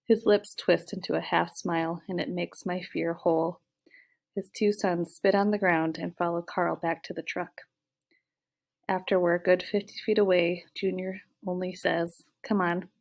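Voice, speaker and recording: Woman narrator for a first-person audiobook, expressive and lowish in pitch. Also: normal speed, vocal fry.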